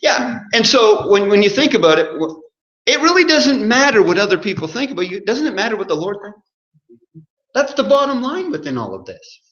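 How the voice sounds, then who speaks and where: A man's voice: high-pitched, sing-song, moderate pace, a bit bright. A man preaching an interactive sermon from a church pulpit, asking the congregation questions and joking along the way. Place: church sanctuary. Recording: roomy muffled church recording.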